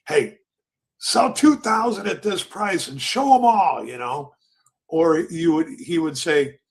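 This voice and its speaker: An older man hosting a trading show, telling loose, rambling stories and acting out the quotes of floor traders. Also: mid-range voice. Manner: rambling, acts out pit quotes. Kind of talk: casual storytelling.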